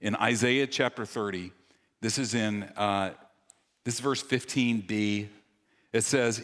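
A man preaching from a church stage, his voice animated and swinging between punchy jokes and quieter earnest moments. He pokes fun at himself with quick bursts of humor. A long, ringing reverb from the large hall trails every phrase. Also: lowish voice. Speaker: pastor. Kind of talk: sermon.

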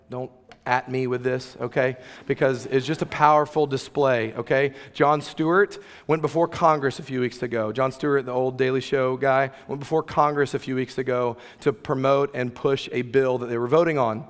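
A man's voice: medium pitch, smooth. A man preaching a sermon as pastor, conversational and emphatic, with playful asides to the room. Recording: long reverb of a large hall.

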